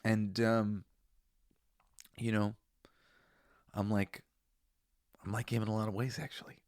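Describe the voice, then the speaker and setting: A man's voice: fairly low pitch, flat delivery, unhurried, long pauses, darkish tone, dry recording, clean studio sound. A man hosting a podcast, giving a rambling, profane, emotional review in casual chat. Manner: rambling, profane, with restarts and laughter. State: tearful. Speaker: podcast host. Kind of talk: casual enthusiastic review monologue.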